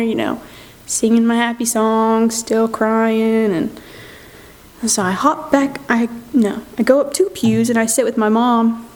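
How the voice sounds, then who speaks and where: A woman's voice: a little high, darkish tone. A woman giving a chatty personal testimony in church, retelling events with lots of quoted dialogue. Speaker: youth group member giving testimony. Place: church sanctuary.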